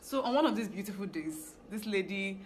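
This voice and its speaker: A woman's voice: medium pitch, a little fast, a little hiss or hum. A young woman with a Nigerian English accent, telling a story from her fashion business in a casual, chatty vlog. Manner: chatty, animated storytelling with asides. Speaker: fashion business owner vlogger.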